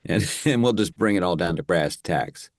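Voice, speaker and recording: Low-pitched man, interview guest, rambling and chatty, dry close sound. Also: lively intonation, normal speed, no room sound. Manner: rambling and chatty, with easy laughs. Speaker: guest, actor and impressionist. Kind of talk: casual interview chat.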